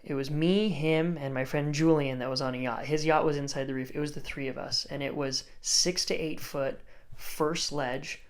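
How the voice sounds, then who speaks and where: A man's voice: a little high, steady tone, moderate pace. A man guest on a podcast, casually telling a story in laid-back surfer talk, full of "like" and acted-out dialogue. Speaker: guest, surfer and surf coach.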